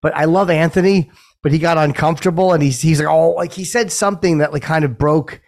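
Male co-host, easygoing, hesitant, slightly raised pitch. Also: steady tone, brisk. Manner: easygoing, hesitant, many fillers. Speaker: podcast co-host. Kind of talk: casual chat.

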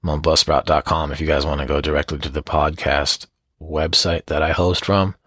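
A man's voice: rumbling low, level tone, normal speed, fairly bright tone, husky, no echo, studio quality. A man hosting a solo podcast, talking in a rambling, joking way and swearing constantly. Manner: profane, rambling, jokey. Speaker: podcast host.

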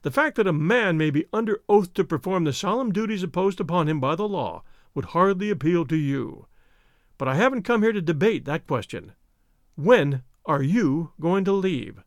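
A man's voice: high-pitched, expressive, moderate pace, no room sound, studio quality. A man reading an audiobook, voicing a stern, pompous male executor who talks in a clipped, huffy way. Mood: cold.

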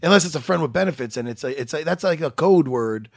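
A middle-aged man, bantering loudly and crudely on a radio show in a studio. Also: fairly high pitch, quick pace, vocal fry, dry recording. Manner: loud, profane, jokey, animated.

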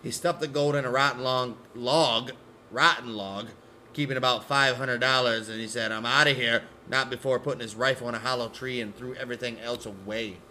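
Bright-voiced man joking through a story. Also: medium pitch, fairly even intonation, brisk, slight background noise. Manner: joking, laughs often, swears. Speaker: podcast co-host. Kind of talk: casual storytelling chat.

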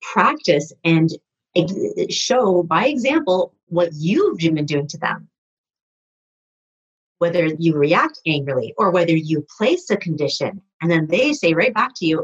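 A woman guesting on a podcast talks in a rambling, conversational interview style, often restarting sentences and using lots of fillers. Her voice is lowish and animated with a breathy edge, and she speaks unhurriedly. The recording has its highs cut off.

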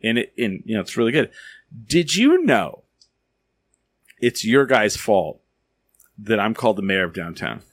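A man hosting a casual podcast, his pitch swinging freely as he tells a story and acts out what people said. The sound is close and dry, with no room around it. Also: measured pace, long pauses, no echo. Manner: animated storyteller, acts out quotes. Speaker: podcast host. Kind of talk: casual chat.

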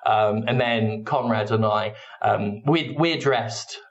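A man's voice: fairly low pitch, slow pace, lo-fi sound. A man riffing in comedic banter as a podcast co-host, breaking into silly voices. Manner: animated, does silly voices mid-story.

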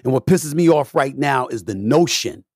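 A middle-aged man hosting a podcast, delivering an opinionated monologue with a repetitive, preacher-like cadence, swinging between low mutters and loud, profane bursts. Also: lively intonation, normal speed, slightly rough, dry recording, clean studio sound. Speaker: podcast host.

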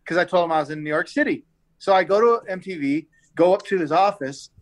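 Laid-back slangy man, a bit high. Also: animated, fast. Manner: rambling storyteller who repeats himself. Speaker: guest storyteller. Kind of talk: casual podcast chat.

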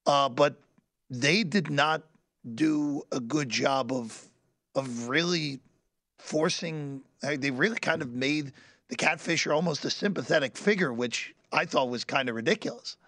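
A man co-hosting a casual sports chat, speaking haltingly and repeating words while he gathers his thoughts. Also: a little high, vocal fry, a bit bright, no echo. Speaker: podcast co-host.

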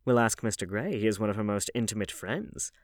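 A man reading an audiobook, voicing a witty, cynical aristocratic gentleman with languid epigrams. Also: on the low side, animated, brisk, no echo, clean studio sound. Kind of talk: audiobook character voice.

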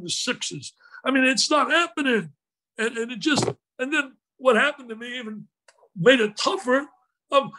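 An older man, a former coach, telling emotional stories with lots of quoted dialogue in an excitable way. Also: high voice, slightly rough. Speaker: guest, former basketball coach. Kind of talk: animated storytelling.

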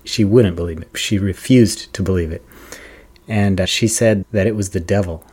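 Low-voiced male podcast host. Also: normal speed, husky. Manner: relaxed, rambling, with filler words. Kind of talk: casual interview chat.

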